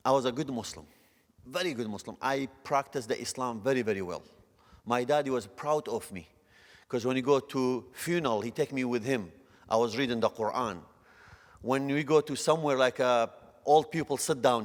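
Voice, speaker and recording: A man from northern Iraq, giving an earnest personal conversion testimony in broken English. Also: medium pitch. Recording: long reverb of a hall.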